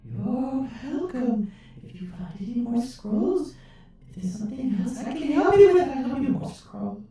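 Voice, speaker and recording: A man's voice: very high-pitched, animated, mellow, voice pushed up. Creepy bodiless female voice, teasing and whispery, drenched in echo; played by a man. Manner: slow, mocking, whispery. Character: creepy taunting disembodied female voice. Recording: heavily echoed voice.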